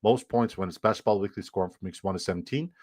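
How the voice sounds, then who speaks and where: A man's voice: sits low, quick pace, darkish tone, no room sound, clean studio sound. A man hosting a fantasy football livestream, chatting casually, joking around and reading chat messages aloud. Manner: playful, reads chat aloud, jokey hype. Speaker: livestream host.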